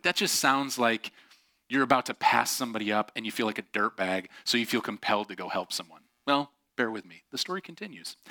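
A man preaching a sermon, telling a personal story with lots of laughter and acted-out voices. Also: mid-range voice. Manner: animated, acts out quoted voices, laughs often.

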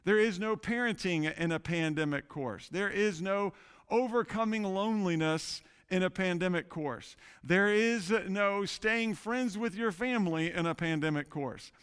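High-voiced man preaching a sermon. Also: measured pace, fairly bright tone, clean tone. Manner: emphatic repetition, call-and-response with congregation. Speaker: pastor.

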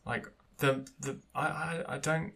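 Male podcast co-host, bright voice, chatty, hesitant fillers. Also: a little high, flat delivery, unhurried, creaky. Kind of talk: casual chat.

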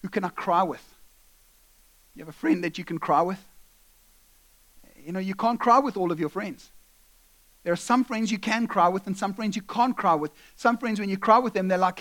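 A male pastor delivers a sermon, his voice pitched notably high for a man. He tells stories with energy, slipping into the voices of the people in them. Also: normal speed, long pauses. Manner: animated storytelling, acting out voices.

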